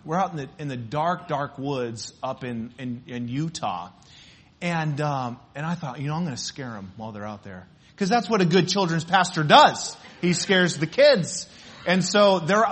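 Lively, high-voiced male pastor preaching. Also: moderate pace. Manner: lively storytelling with laughter. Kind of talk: sermon. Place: church sanctuary.

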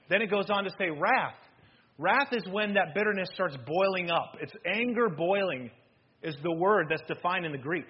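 Husky, high-voiced man preaching a sermon. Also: moderate pace, lo-fi sound. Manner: animated preaching, swinging from loud to hushed. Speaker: pastor. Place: church sanctuary.

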